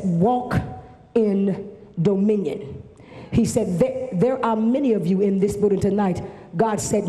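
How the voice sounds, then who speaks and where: A woman's voice: mid-range voice, warm tone. A woman preacher delivering a fervent sermon in a repetitive preaching cadence at a live camp meeting in a large church. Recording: reverberant church hall with faint noise.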